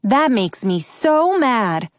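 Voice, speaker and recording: A woman voicing a confident teenage girl who leads her friends, speaking briskly and with enthusiasm. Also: high voice, big pitch swings, no room sound, studio quality, pitched above the performer's own voice. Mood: eager. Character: confident teenage girl club leader, bold.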